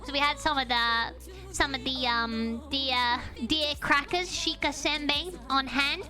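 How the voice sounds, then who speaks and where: A woman streaming to her chat and telling an animated travel story, often breaking into giggles and restarting sentences. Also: sits high, a little slow, faint music behind.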